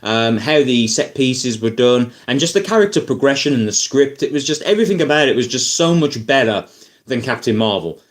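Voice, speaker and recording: A man ranting casually about films as a YouTuber, rambling and animated, full of fillers and asides. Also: medium pitch, a little fast. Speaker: YouTuber film reviewer. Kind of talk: casual opinion rant.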